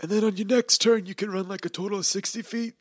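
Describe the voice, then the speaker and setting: Game master, male, fairly high voice, relaxed and chatty, dry close mic. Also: quick pace, no echo. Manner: laid-back, chatty, talks about the rules. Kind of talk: narrating a tabletop game in character.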